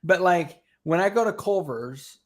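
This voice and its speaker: A middle-aged man chatting as a podcast guest, telling lively stories and laughing often. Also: high-pitched, unhurried. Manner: animated storytelling, laughs often. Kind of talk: casual chat.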